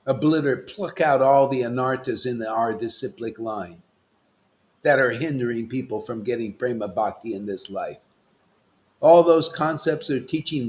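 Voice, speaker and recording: A man with a mid-range voice preaches a devotional sermon in the role of a spiritual master. He is emphatic and reproving, his volume swinging from booming pronouncements down to quiet asides.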